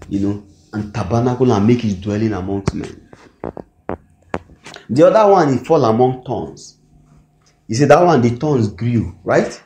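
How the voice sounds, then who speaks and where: Nigerian preacher in an echoey hall. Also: male voice, fairly low pitch, warm tone, a little hiss or hum. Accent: Nigerian English. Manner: call-and-response, asks the congregation "what?" to fill in words. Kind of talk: sermon. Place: church hall.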